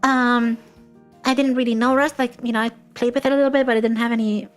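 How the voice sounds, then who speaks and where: A woman interviewing a fellow streamer, rambling in a casual chat with lots of fillers and frequent throat clearing. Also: on the high side, little pitch movement, fast, soft background music. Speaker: guest interviewer.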